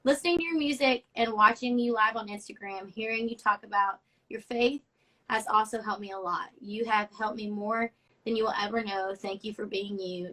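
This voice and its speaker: Bright-voiced young woman hosting. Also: mid-range voice, poor audio. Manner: chatty and effusive, gets emotional reading notes. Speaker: host of a live social media show. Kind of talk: casual live-stream chat, reading fan notes aloud.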